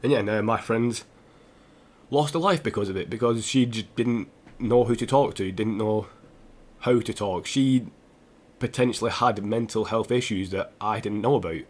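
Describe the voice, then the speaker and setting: A young man, a gaming streamer, talking earnestly and haltingly to his viewers while close to tears. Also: on the low side, darkish tone. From England. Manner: earnest, halting, with restarts and repeated phrases. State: tearful, close to crying. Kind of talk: emotional personal address to stream viewers.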